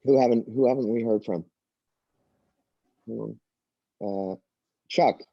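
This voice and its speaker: A man's voice: fairly low pitch, slow, creaky, no echo. A man on a casual video call, rambling and self-mocking, stammering through restarts. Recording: dull lo-fi video call audio.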